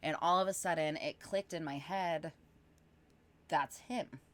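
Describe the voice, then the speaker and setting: Woman, low pitch, casual rambling storyteller, podcast guest. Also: normal speed. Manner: animated, rambling with frequent fillers.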